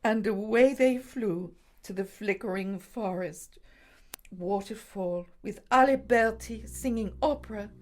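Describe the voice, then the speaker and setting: A woman narrating a children's story gently, often dropping to a hushed whisper. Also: medium pitch, measured pace. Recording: faint music behind.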